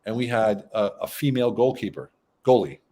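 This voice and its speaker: A man, a guest in a casual conversation, telling stories in a lively, blunt and profane way. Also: fairly low pitch, brisk. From United States.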